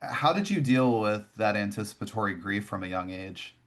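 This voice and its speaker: A man's voice: fairly low pitch, normal speed, a bit bright. A man hosting a podcast interview, asking thoughtful questions and affirming his guest. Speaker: podcast host.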